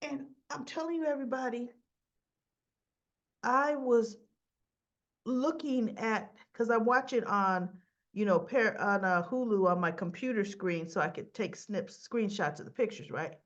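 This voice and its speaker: A woman's voice: on the high side, a little slow. Woman gabbing about a soap, acts out all the lines, kinda muffled home recording. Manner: chatty and opinionated, retells scenes acting out lines. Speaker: soap opera recap host. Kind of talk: casual chat.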